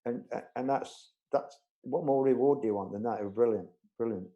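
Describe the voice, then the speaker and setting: A man's voice: mid-range voice, brisk, dull audio. A man, a bird-show judge, answering live interview questions with enthusiasm, often repeating his words. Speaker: budgerigar exhibitor and judge.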